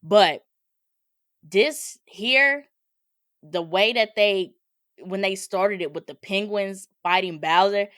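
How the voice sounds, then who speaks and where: A woman co-hosts a casual podcast chat, talking loosely and laughing often. Her voice sits at a middle pitch. The sound is dry and close, with no room around it. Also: takes it slowly, long pauses, a bit bright, dry recording. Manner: chatty, laughs often, fills with "like". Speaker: podcast co-host. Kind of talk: casual chat reviewing movie trailers.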